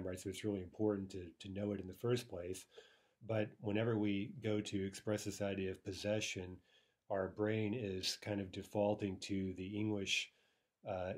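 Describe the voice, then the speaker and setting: Male teacher, low-ish pitch, patient explanatory lecture delivery. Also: a little mellow. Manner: explanatory, frequent "right?" checks, some filler "uh". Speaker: language teacher. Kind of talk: recorded video lecture.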